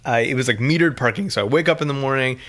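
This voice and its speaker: Young married guy telling a road trip story, easygoing, relaxed. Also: medium pitch, fast talker. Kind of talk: casual chat.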